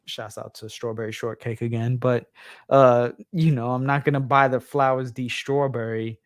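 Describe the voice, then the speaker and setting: A man's voice: medium pitch, little pitch movement, normal speed. A man with a New York accent hosting a livestream, talking casually and rambling with lots of fillers, tired at three in the morning. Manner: rambling, many fillers and restarts. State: tired, late at night. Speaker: livestream host.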